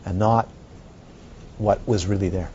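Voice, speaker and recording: A man's voice: lowish voice, unhurried, lo-fi sound, slight background noise. A man, a Buddhist teacher, giving a dharma talk to students, asking many rhetorical questions and acting out how people react. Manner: animated, rhetorical questions, acts out others' reactions.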